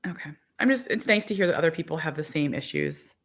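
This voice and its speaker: A woman's voice: low voice, sing-song, fast talker. A woman in her forties chatting casually to viewers as a vlogger and mother of four, rambling with lots of "like". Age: 40s. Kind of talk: casual chat to live viewers.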